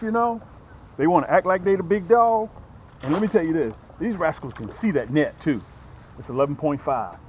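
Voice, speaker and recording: An excited man hosts a fishing vlog from a small boat, chatting straight to his viewers. His voice swings animatedly up and down and sits a bit high. The outdoor recording is dull and lo-fi, with a faint wash of noise behind him. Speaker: fishing channel host. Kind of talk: casual fishing vlog commentary.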